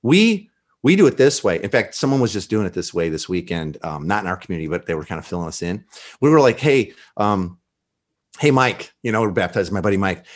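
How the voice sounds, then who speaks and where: A man speaks in a conversational interview about faith, animated and a bit preachy. He often slips into quoting scripture and acting out dialogue in other voices. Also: fairly low pitch, fast talker. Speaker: pastor guest.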